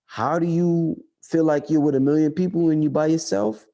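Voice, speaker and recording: A New man chatting casually on a livestream, loose and profane, repeating himself for emphasis. His voice sits a bit high but sounds dark and mellow. He swings from low mutters to excited peaks. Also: normal speed, vocal fry. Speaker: livestream host answering chat.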